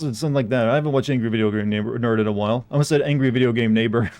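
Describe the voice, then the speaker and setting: A man's voice: mid-range voice, fairly even intonation, quick pace, hardly any pauses, a little mellow. A man streaming a video game live, rambling casually with jokes and swearing. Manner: rambling, profane and joking. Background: faint game music.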